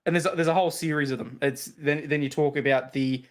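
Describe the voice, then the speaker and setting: A man's voice: on the high side, fairly even intonation, quick pace. A man co-hosting a casual live stream who explains things chattily with frequent restarts. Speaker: stream co-host.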